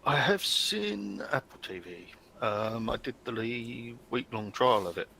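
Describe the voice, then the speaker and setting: A man speaking plainly on a group call, matter-of-fact. His voice is gravelly but bright-edged, with faint noise around. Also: medium pitch, expressive, measured pace. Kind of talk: casual chat.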